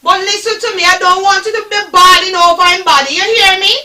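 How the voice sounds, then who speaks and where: A woman acts out a sharp-tongued Jamaican widow who scolds her son with scorn. Her voice is very high and bright, and it sounds echoey and far from the mic. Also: steady tone, fast talker, exaggerated voice. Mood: scolding. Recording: roomy, distant, faint noise.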